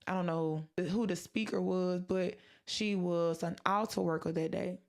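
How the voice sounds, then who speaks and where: A woman's voice: on the low side, steady tone, a little slow, darkish tone. A woman hosting a podcast, sharing a personal faith testimony in an earnest, emotional way and acting out her own past words. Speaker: podcast host.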